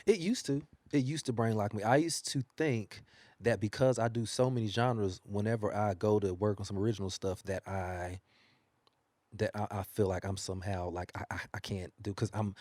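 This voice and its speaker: Animated male singer, dry close sound. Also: lowish voice, moderate pace, no echo. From United States. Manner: animated storytelling, laughs often. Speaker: singer and guest. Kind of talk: casual interview. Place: newspaper studio.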